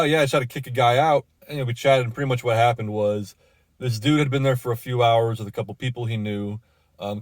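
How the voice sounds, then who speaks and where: A man's voice: mid-range voice, no echo. Profane, rambling man ranting, dry sound. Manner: casual and profane, with many fillers and restarts. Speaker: bar manager. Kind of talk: storytelling rant.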